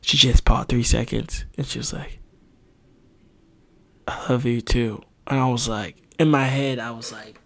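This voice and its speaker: A man's voice: mid-range voice, steady tone, normal speed, gravelly, hardly any pauses, bright, forceful tone. A young man hosting a podcast, telling rambling, profane stories in casual chat. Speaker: podcast host.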